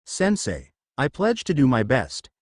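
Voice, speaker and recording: Brief: man playing a sincere teenage boy hero making a speech, lively pitch. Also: unhurried, dry recording, studio quality. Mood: earnest. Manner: earnest, heartfelt speech. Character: earnest teenage boy hero giving a pledge.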